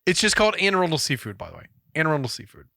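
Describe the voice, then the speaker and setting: A man co-hosting a podcast, telling a story in a casual, profane and animated way. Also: a little high, very fast, creaky, dry recording, studio quality. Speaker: podcast co-host. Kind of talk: casual chat.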